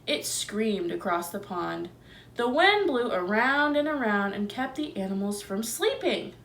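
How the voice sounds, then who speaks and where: A woman teacher reads a picture book aloud to young children, gentle and expressive, pausing to ask them questions. Her voice is medium pitch at a measured pace, with slight background noise.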